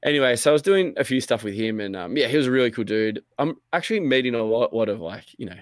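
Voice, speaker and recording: A man's voice: mid-range voice, animated, fast, dry recording. A man telling a casual, rambling story, full of fillers and swearing, acting out his own lines.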